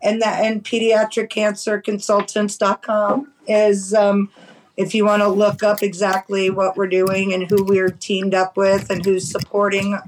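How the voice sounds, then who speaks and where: A woman from New York City, a guest in a casual interview, talking fast and emphatically about her work. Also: medium pitch, slight background noise, low-quality recording. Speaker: guest, cannabis medicine grower.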